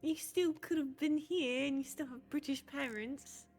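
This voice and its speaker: A woman's voice: high voice, a little slow, darkish tone, soft background music. A woman playing a character in a group roleplay, joking and teasing the others. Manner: joking, puts on a brash city accent for laughs. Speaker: roleplay player.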